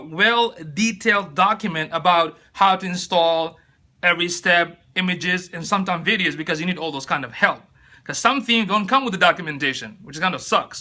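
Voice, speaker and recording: A man's voice: high voice, sharp tone. A chatty, upbeat man hosting a casual live-stream tutorial on his phone, greeting viewers by name as he talks. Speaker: live-stream host giving tips.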